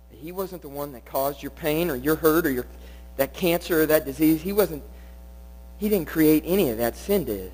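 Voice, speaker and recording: Man preaching a high-voiced youth sermon. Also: animated, moderate pace. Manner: preaching with rising, pleading peaks and hushed drops. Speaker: youth pastor. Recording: poor sound quality.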